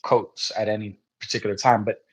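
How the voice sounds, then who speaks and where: A man co-hosting a casual podcast who thinks aloud hesitantly and often trails off softly. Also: fairly low pitch, flat delivery, brisk, rough recording. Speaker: podcast co-host.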